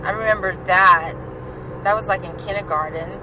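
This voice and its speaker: A woman's voice: medium pitch, normal speed. Rambly woman talking from her car, lots of like and um, road noise humming behind. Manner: chatty, filler-heavy with frequent "like" and "um". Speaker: podcast host. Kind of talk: rambling personal storytelling. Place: inside a moving car. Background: car and traffic noise.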